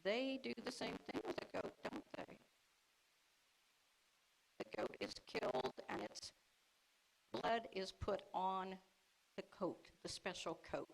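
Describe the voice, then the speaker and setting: A woman preaching to a congregation, retelling a scripture story in a lively way, acting out the characters' lines and laughing along. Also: mid-range voice, takes it slowly, vocal fry, pauses often, poor audio. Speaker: speaker at a congregation service. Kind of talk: teaching sermon.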